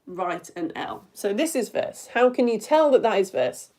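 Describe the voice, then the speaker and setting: During a live-streamed quiz lesson open to all ages, a middle-aged woman teaches playfully, giggling often and addressing her viewers directly. She speaks at normal speed in a medium-pitched, slightly mellow voice with lively intonation.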